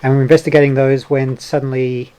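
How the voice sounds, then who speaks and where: Man, tabletop player, halting, many fillers, casual. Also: medium pitch, level tone, mellow.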